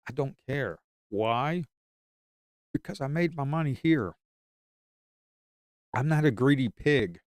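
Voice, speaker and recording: A man's voice: mid-range voice, expressive, takes it slowly, pauses often, no room sound, clean studio sound. A man giving live stock trading commentary in an emphatic, repetitive way.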